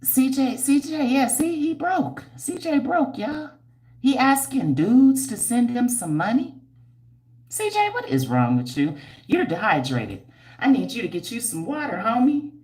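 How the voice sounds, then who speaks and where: This livestream host and hair care entrepreneur has a fairly high voice, a measured pace, and a roomy sound. As she reads viewer comments in her casual stream, she's blunt, slangy, and teasing, animated and preachy, breaking into frequent squeals and laughs.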